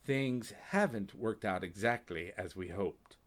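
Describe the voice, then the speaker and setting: A man voicing a weary, cranky old male custodian who talks in a calm, dry, mumbling way. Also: on the low side, measured pace.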